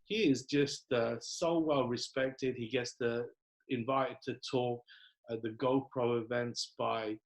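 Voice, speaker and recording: Male host, mid pitch, chatty upbeat coaching-call voice with plenty of ums, video-call sound. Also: steady tone, slow, rough recording. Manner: casual upbeat greetings, many fillers.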